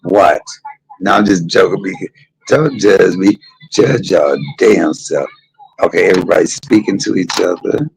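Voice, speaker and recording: His voice sits low with vocal fry, at a measured pace, over a little hiss or hum on a low-quality recording. The middle-aged man tells gossipy, salty, candid stories to a live stream audience, acting out quoted voices.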